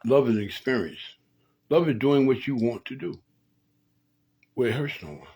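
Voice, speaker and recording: A man's voice: medium pitch, expressive, normal speed, a little mellow, slightly rough, low-quality recording. A man hosting a late-night talk, giving relationship advice in a preachy way, often repeating and restarting phrases. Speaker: host.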